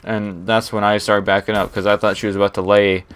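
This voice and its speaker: Low-voiced young man telling a story while gaming. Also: fairly quick, a little hiss or hum. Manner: rambling, animated, breaks off to react to the game. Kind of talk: story time over gameplay commentary.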